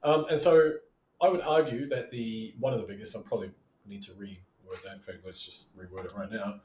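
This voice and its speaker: A man's voice: lowish voice, steady tone, fairly quick, darkish tone, echoey room, rough recording. A man coaching on online marketing in a loose, chatty monologue, often checking in with "right?" and acting out what customers might say. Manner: loose and chatty, keeps asking "right?", acts out customers' voices. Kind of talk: casual teaching monologue.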